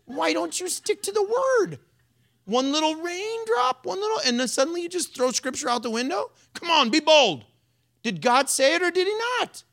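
A preacher doing a shrill, mocking Jesus. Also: very animated, moderate pace, a bit bright, full character voice. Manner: high, shrill, teasing. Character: mocking sarcastic Jesus, teasing timid men.

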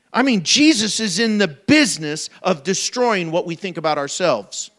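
High-voiced man preaching a sermon. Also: moderate pace, few pauses. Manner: animated preaching, acts out voices for humor. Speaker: pastor.

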